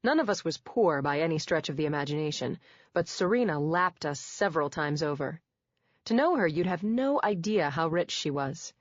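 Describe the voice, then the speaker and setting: Low-voiced woman reading an audiobook. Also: expressive, moderate pace, dry recording. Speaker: audiobook narrator. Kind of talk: first-person audiobook narration. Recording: dull dry studio read.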